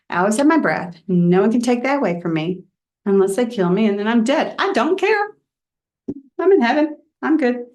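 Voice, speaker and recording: A woman minister gives a Dharma talk in a candid, reflective storytelling way. Her voice sits in an ordinary middle pitch. She often drops soft and quiet. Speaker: reverend giving a Dharma talk.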